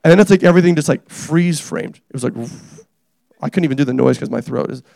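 A young man preaching a casual, energetic sermon, joking and teasing the congregation as he tells stories about his family. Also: a little high, fast talker, gravelly, dry recording, clean studio sound. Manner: animated, joking, self-deprecating. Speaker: pastor.

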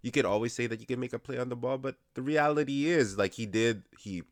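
A man's voice: mid-range voice, quick pace, dry recording, clean studio sound. A man co-hosting a casual podcast, speaking in a laid-back, slangy way with lots of fillers. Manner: laid-back, slangy, many fillers like "you know what I mean". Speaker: podcast co-host. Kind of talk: casual chat.

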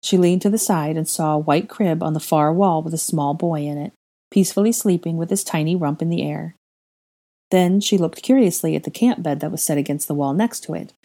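Low-voiced woman reading a story aloud. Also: a little fast, warm tone. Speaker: reader of fan fiction. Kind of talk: audiobook-style story reading.

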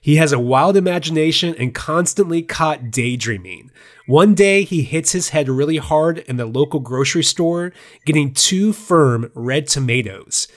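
A man's voice: on the high side, animated, moderate pace. A man co-hosting a podcast, chatting casually and laughing often as he talks about movies. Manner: laughs often, loose and joking. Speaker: podcast co-host.

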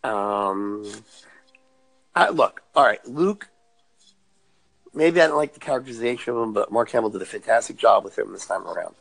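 Gravelly husky man chatting casually. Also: fairly low pitch, moderate pace, pauses often, fairly bright tone. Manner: wry, hesitant, jokey asides. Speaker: podcast co-host. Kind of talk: casual movie discussion.

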